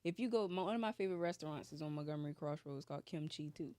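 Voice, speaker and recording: A woman's voice: sits low, very fast, warm tone, dry recording. A Southern woman with an African American accent, chatting casually and acting out the phrases she quotes. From Southern United States. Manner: emphatic, acts out quoted phrases. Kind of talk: casual chat.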